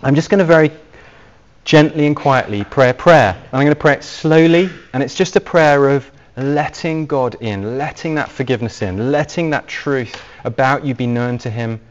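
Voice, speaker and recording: A man preaching an evangelistic sermon, speaking earnestly and gently as he leads into a quiet prayer. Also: mid-range voice, normal speed. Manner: earnest and gentle, softly paced appeals. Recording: dull lo-fi recording.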